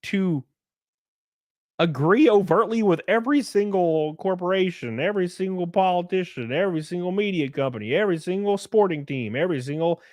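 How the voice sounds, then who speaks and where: A male livestream host rants sarcastically, swinging his fairly high voice up and down with lively emphasis. He talks close to the mic, and the sound is dry, with no room echo. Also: a little fast. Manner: sarcastic, ranting, animated. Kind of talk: livestream commentary rant.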